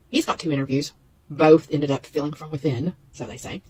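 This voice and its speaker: A woman's voice: deep voice, brisk, a little mellow, poor audio. A woman in her fifties talks candidly and at a ramble in a casual vlog about being out of work, with nervous laughs. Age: 50s. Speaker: jobless parent.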